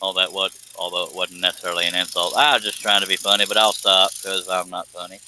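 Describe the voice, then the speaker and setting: Deep-voiced joking man. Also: little pitch movement, quick pace, pushed and bright, a little hiss or hum, rough recording. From United States. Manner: joking, teasing, chuckles often. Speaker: live stream host, woodworker. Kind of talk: casual live stream chat.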